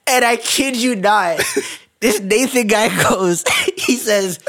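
A man's voice: sits high, unhurried, a bit bright. A man co-hosting a casual chat who animatedly retells a reality show, laughing through his lines and stretching out his disbelief. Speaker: podcast co-host.

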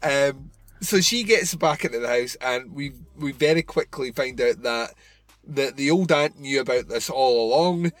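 A man's voice: medium pitch, normal speed. A man co-hosting a podcast, chatting loosely about a horror film with lots of fillers and swearing. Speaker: podcast co-host. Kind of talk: casual movie review chat.

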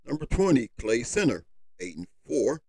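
A man's voice: medium pitch, sing-song, moderate pace, gravelly, darkish tone, husky, no room sound, rough recording. A man hosting a solo sports podcast, reading a rankings list with lifting emphasis and loose colloquial asides to listeners. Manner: reads list with rising emphasis, casual asides. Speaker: podcast host.

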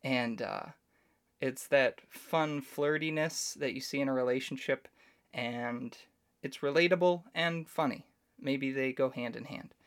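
A man's voice: mid-range voice, a little slow, clean tone. Male solo podcast host, casual and opinionated, talks things through at length. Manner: chatty, opinionated, explains at length.

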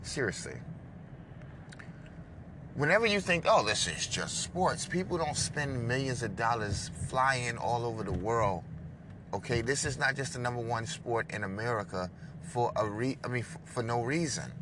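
A man hosting his own show, delivering an impassioned sports rant that swings between loud outbursts and hushed asides. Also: mid-range voice, moderate pace, background noise. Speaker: show host. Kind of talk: ranting sports monologue.

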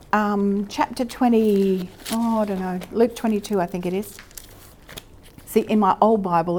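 A woman's voice: medium pitch, slight background noise. A woman teaching at a church session, talking in a conversational way with fillers and self-corrections. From Australia. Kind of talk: sermon teaching.

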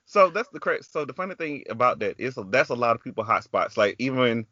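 A man's voice: mid-range voice, sing-song, fairly quick, sharp tone, no echo, muffled recording. A man with a Southern US country accent hosting a podcast, telling a story in casual chat. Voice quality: chatty, storytelling with quoted voices. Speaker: podcast host.

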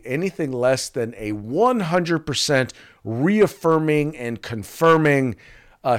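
Man, podcast co-host, animated pitch, casual political chat, acts out quotes.

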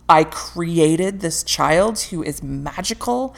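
A woman's voice: lowish voice, a little slow, gravelly. A woman guest in casual podcast chat, talking candidly with frequent laughter and the odd swear word.

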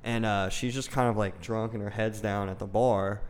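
A man from Ohio, a stand-up comedian, chatting casually and telling animated stories, acting out quotes loudly and swearing freely. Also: lowish voice, moderate pace, a little hiss or hum. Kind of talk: casual podcast chat.

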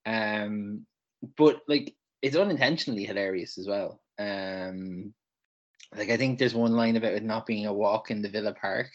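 A man's voice: lowish voice, moderate pace, muffled recording. A man co-hosting a casual podcast chat, explaining his points emphatically and checking in with "right?" and "okay?". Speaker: podcast co-host.

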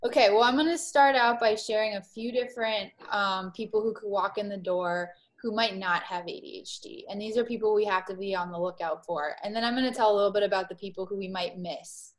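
A woman in her forties from Miami, a guest psychologist explaining her field in a measured, clear conversational way. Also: medium pitch. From Miami, Florida.

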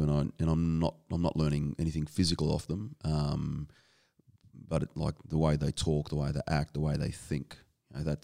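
An Australian man as a guest in a casual interview, talking in halting bursts full of restarts and casual swearing. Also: very deep voice, gravelly, darkish tone. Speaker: guest, strength and conditioning coach.

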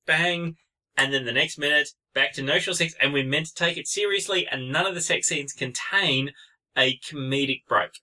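Casual male co-host, bright, forward voice pitched a little high, animated and profane. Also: normal speed. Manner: animated, laughs often, swears. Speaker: podcast co-host. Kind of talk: casual film review chat.

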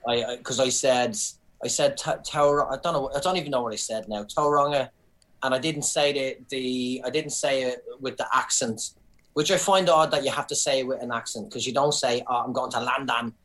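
A middle-aged Irish comedian in casual podcast chat, telling stories animatedly with swearing and indignant asides. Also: male voice, mid-range voice, a little fast, a bit bright. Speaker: comedian guest.

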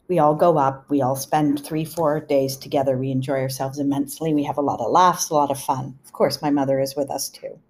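Middle-aged woman, low-ish voice, podcast host, casual storytelling, chatty, laughing asides, uneven pace. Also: darkish tone.

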